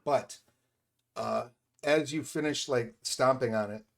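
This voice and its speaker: A man's voice: mid-range voice, slow pace, vocal fry. A man running a tabletop game as game master, narrating loosely with many fillers. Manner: loose, filler-heavy, laughs easily.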